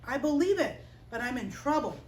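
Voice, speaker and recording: A woman's voice: high-pitched, lively intonation, brisk, darkish tone, roomy sound, recorded from a distance. A woman voicing a worried, pleading young man from a Bible story, told to children. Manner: anxious, begging.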